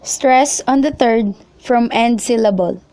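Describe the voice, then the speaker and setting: A young woman reading a lesson script aloud, slowly spelling out letters and example words one by one. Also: a little high, mellow, no room sound. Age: young adult. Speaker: student presenter.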